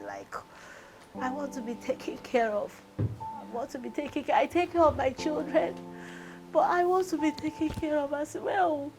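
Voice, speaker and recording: Nigerian woman, forties, higher pitched voice, tearful confessional, music underneath. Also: unhurried, poor audio. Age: 40s. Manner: tearful, pouring out hardship, repeating phrases. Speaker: reality show contestant. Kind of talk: emotional confessional talk.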